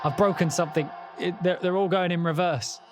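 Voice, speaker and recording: A man's voice: high-pitched, steady tone, a little fast, over loud music. A man chatting casually on a live stream from his home studio, muttering to himself and swearing at himself in a self-deprecating way.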